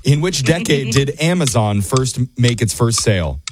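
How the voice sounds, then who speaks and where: A man hosting a radio show, reading quiz questions in a playful, quick way. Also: mid-range voice, sing-song, background noise.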